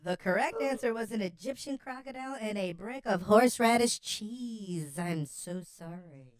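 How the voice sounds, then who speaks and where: A man's voice: sits high, normal speed, slight background noise. A man speaking through a voice modulator that makes him sound female, doing a jokey impression of his woman cohost in a casual podcast chat. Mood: teasing. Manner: jokey game-show patter. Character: playful woman cohost, chirpy and teasing. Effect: voice modulator making a female voice.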